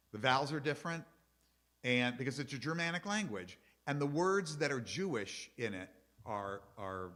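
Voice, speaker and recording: A man's voice: medium pitch, fairly bright tone. A middle-aged man, a rabbi, giving a chatty, explanatory lecture to his congregation and taking questions from the audience.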